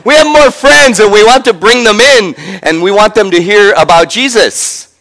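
A man's voice: sits high, normal speed, voice pushed up, low-quality recording. A man voicing a joyful West African man with a Sierra Leonean accent, eagerly recounting how he prayed. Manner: excited, pleading, laughing through his words.

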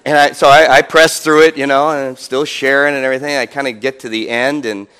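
A male pastor preaching a sermon in an animated, conversational way, chuckling often as he tells stories. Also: medium pitch, a little fast, clean tone. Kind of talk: sermon storytelling.

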